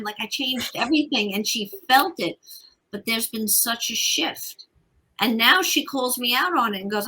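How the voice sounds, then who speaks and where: A woman's voice: on the high side, normal speed, bright, forceful tone, breathy edge, poor audio. A woman in her forties, a parenting coach speaking as a guest in a casual interview, emphatic and repeating her key points.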